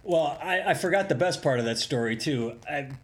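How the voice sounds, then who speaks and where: A man's voice: fairly high pitch, animated, brisk, a little hiss or hum. A man with a slightly raised voice chats through odd news stories on a podcast. He keeps it loose and jokey and breaks into laughter often. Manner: joking, laughs often, chatty story-telling. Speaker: podcast co-host. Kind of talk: casual podcast chat.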